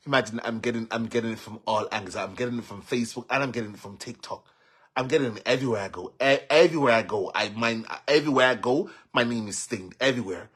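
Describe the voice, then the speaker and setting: A Jamaican man venting on a live stream, agitated, with stammering repeats and swings between loud outbursts and low muttering. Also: quick pace, slightly rough. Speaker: social media personality.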